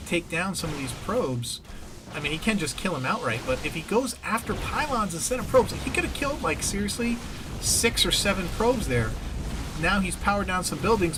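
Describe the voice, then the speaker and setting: A man with a somewhat high voice casts a strategy game with excited, pleading play-by-play. Steady hiss and noise sit under his voice in the home recording. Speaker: game caster. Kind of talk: game commentary.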